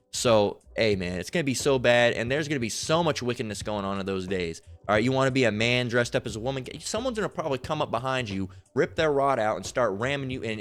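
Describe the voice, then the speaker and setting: A man's voice: fairly low pitch, fairly bright tone. Rambling, profane male preacher. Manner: rambling, profane, many repeated fillers. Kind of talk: online sermon video.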